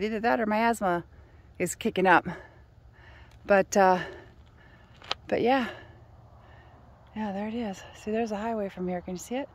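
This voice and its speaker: A woman talking casually to her phone camera outdoors while hiking uphill, out of breath and rambling. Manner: rambling, calls her dog in high shouts. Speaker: vlogger. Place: outdoors on a hill trail.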